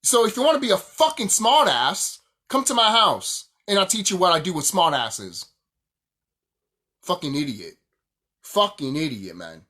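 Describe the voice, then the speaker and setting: A young man on a casual video rant, swearing as he goes and laughing in bursts. His pitch swings widely from low grumbles to excited highs. He keeps repeating himself to hammer the point home. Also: moderate pace, slightly rough. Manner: heated, profane, laughs often, repeats himself. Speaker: YouTuber ranting about games.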